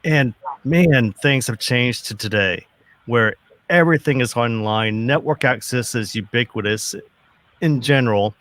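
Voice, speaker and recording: A man's voice: mid-range voice, a little slow, fairly bright tone, no echo. A middle-aged man on a video call panel, talking in an enthusiastic, folksy way. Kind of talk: casual panel chat.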